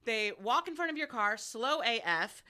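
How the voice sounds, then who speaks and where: A woman's voice: on the high side, moderate pace, clear, resonant tone. A woman in her forties, a radio host as a guest, chatting casually and telling frank, profane stories with frequent laughs. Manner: lively storyteller, frank and profane, laughs often. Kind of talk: casual chat.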